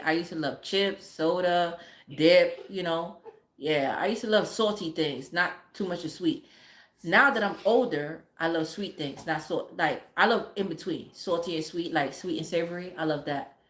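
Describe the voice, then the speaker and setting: A woman's voice: on the low side, a bit bright. A mother from a Caribbean family chatting casually on a livestream, blunt and profane and laughing often. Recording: roomy echo.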